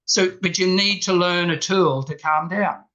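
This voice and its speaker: A man's voice: high voice, a little slow, sharp tone, muffled recording. A man giving an earnest coaching talk to a men's group, repeating his key points. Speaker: speaker at a men's workshop. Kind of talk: talk with slides, then group discussion.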